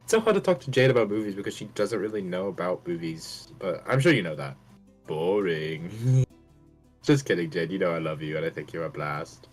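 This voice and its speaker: A man performs a boisterous young adventurer with a broad put-on British accent. The voice sits low and the delivery is hammy and overeager. Faint music plays underneath. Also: sing-song, normal speed. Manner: hammy, laughs and breaks character. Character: eager adventurous young man writing a letter.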